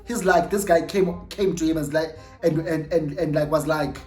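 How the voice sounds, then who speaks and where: A young South African woman with a Xhosa-flavoured accent, casually telling an animated story and switching between English and Xhosa. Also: low-pitched, normal speed, few pauses, reverberant, soft background music. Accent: South African, mixing in Xhosa. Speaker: storytime vlogger.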